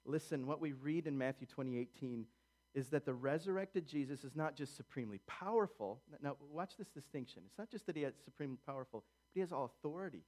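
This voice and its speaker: A man's voice: mid-range voice, fast talker. Male pastor mid-sermon, earnest and emphatic. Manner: earnest, urgent, emphatic with quiet asides.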